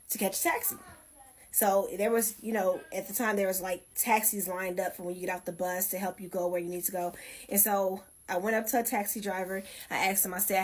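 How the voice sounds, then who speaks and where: Woman, candid storyteller, blunt and frank, middle pitch. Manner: blunt, heated, frank retelling with acted quotes. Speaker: guest telling her life story.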